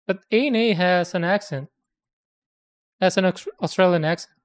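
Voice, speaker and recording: A woman's voice: on the low side, moderate pace. A woman in casual chat who rambles, hesitates and corrects herself as she talks. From immigrant to America.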